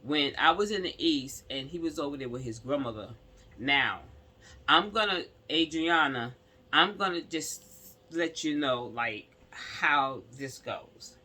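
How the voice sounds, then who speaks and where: A woman's voice: deep voice, expressive, a little slow, sharp tone, breathy edge. A woman casually telling a personal story to her viewers, emphatic and rambling, with many asides to the audience.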